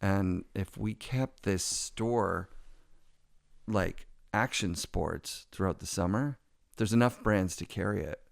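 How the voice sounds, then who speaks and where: A middle-aged man hosting a podcast, telling stories with quick lively asides. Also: deep voice, vocal fry, dry recording, studio quality. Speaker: podcast host. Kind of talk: casual podcast conversation.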